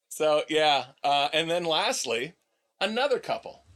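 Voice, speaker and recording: Lively joking male podcast co-host. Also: a little high, measured pace. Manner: joking, reads out news stories. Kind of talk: casual chat.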